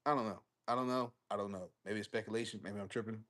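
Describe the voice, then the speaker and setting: Reacting to his chat, a young live-stream host talks football casually, cursing freely and rambling with repeated phrases. His voice is on the low side and a bit bright, with fairly even intonation and a fast pace.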